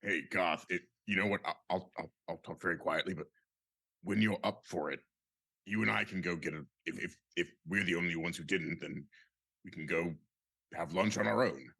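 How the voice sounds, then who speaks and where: A man's voice: deep voice, moderate pace, vocal fry, bright, forceful tone, slightly rough, no echo, studio quality. A man playing a tabletop role-play game, rambling and joking with stammering restarts. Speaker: player.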